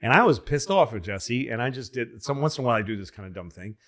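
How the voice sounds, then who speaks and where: A middle-aged man from Massachusetts tells stories in a loose, casual podcast chat. He talks at an ordinary, middle pitch and slips into louder, higher put-on voices whenever he quotes someone. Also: quick pace. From Massachusetts, USA. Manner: animated storyteller who acts out quoted people in raised voices. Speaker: podcast guest, comedian.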